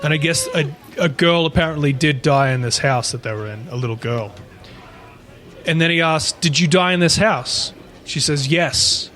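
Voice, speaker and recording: A man's voice: on the high side, normal speed, fairly bright tone. A man co-hosting a podcast, casually retelling a paranormal story in a rambling way, with frequent swearing. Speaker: podcast co-host.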